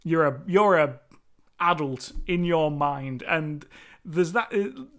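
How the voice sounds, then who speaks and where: A man's voice: a little high, expressive, slow, fairly bright tone. A British man from the UK giving a loose, rambling film review, full of restarts and casual swearing. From United Kingdom.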